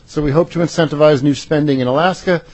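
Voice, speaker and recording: A man giving formal testimony to a legislative committee, presenting a bill in a halting way with frequent "uh" fillers and restarts. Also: fairly high pitch, steady tone, a little mellow, no echo. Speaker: state agency official presenting a bill.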